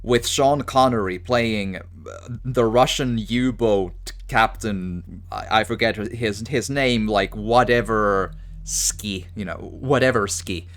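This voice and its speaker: A gaming streamer with a lowish voice speaks slowly in casual let's-play commentary. He rambles and stammers his way through a rant as he plays.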